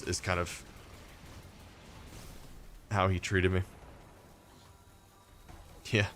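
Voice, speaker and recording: A man's voice: on the low side, unhurried, long pauses, a little hiss or hum. A man from Texas, a gaming streamer, rambling through a story in casual chat with lots of fillers and restarts.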